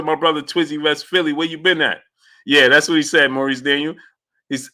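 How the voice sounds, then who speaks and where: With a slightly high, level voice that sounds pushed and bright, the boxing talk host speaks briskly on his live stream. He rambles casually, greeting viewers by name amid many fillers and restarts.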